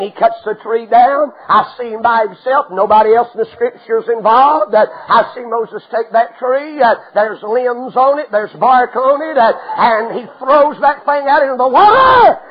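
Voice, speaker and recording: A man preaching a sermon with fervent, dramatic storytelling that acts out the scenes and breaks into shouts. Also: extremely high pitch, expressive, normal speed, hardly any pauses, husky, highs cut off.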